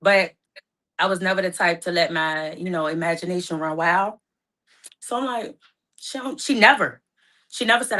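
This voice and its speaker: A woman's voice: lowish voice, normal speed, pauses often, bright, forceful tone. A young woman in an emotional personal storytelling talk, acting out both sides of her phone calls. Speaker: guest telling her story.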